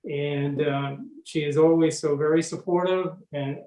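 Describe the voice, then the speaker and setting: A man chairing a public meeting, speaking haltingly with many fillers. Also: a little high, steady tone, warm tone, reverberant, low-quality recording. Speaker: commission chairman.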